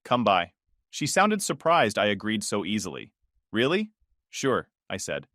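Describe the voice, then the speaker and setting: Calm, dryly sarcastic male storyteller. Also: on the low side, normal speed, no echo, studio quality. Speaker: narrator. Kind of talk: scripted first-person storytelling.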